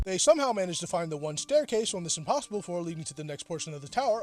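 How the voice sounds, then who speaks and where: A man's voice: sits high, lively intonation, very fast, few pauses, a little mellow. A young man giving a comedic, sarcastic and profane recap of a story, often mocking himself. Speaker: youtuber recapping a manga.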